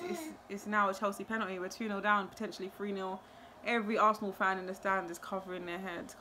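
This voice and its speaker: A woman's voice: medium pitch, level tone, quick pace, noisy background. A young woman, a football fan giving a live, emotional match reaction full of exclamations and repeated phrases.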